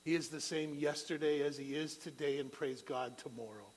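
A middle-aged man delivers a sermon with a voice pitched a little high for a man. He preaches with passion, climbing to loud, soaring peaks and then falling back to quiet, low-voiced prayer. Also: moderate pace, slightly rough, poor audio.

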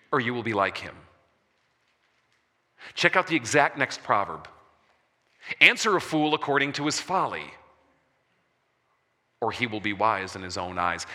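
A man preaching a sermon as a pastor, slowing for emphasis and dropping soft on key words. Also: mid-range voice. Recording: long reverb of a large hall.

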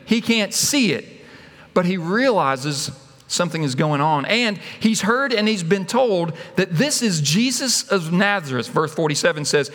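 A man's voice: sits high, fairly bright tone. A man preaching a sermon, telling the story dramatically and acting out its voices. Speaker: pastor. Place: church sanctuary. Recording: long hall reverb.

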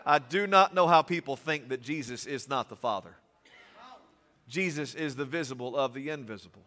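A male pastor delivers an animated sermon, mixing jokes with earnest points and moving from loud to hushed. His voice is bright and forceful. It rings with the long reverb of a church sanctuary. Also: medium pitch, normal speed. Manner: animated preaching with humorous asides, swings from loud to soft.

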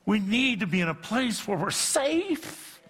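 Middle-aged pastor guy preaching, bright sharp voice, big hall echo. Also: sits high, big pitch swings, measured pace, slightly rough. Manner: self-deprecating, swells to shouting at peaks. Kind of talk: sermon. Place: church sanctuary. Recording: long reverb in a church hall.

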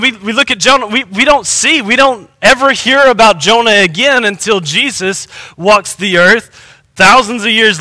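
High, sharp-voiced pastor preaching. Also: male voice, no room sound. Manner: conversational preaching with repeated restarts. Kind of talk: sermon.

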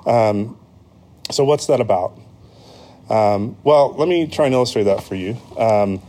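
A man's voice: fairly low pitch, unhurried, warm tone. An American man preaching a sermon in a conversational way, with frequent ums and self-corrections. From United States. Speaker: pastor.

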